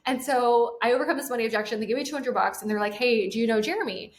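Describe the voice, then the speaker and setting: Fast-talking young woman telling a story. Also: on the high side, a little hiss or hum. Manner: animated, acts out quotes, laughs often. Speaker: guest, sales trainer. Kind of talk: casual storytelling.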